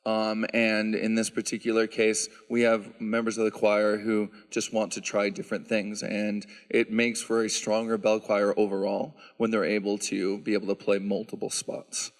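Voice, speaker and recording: A man who directs a handbell choir, answering audience questions at a concert and explaining the instruments in a relaxed, chatty way with frequent "um"s. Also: lowish voice, normal speed, hardly any pauses. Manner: explanatory, relaxed, lots of "um" fillers. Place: church sanctuary. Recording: reverberant church hall.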